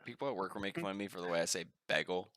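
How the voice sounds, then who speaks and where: This young man co-hosts a podcast, his low voice firing off stories at a rapid clip in casual chat while he swears freely and animatedly. The recording is clean studio sound with no room noise.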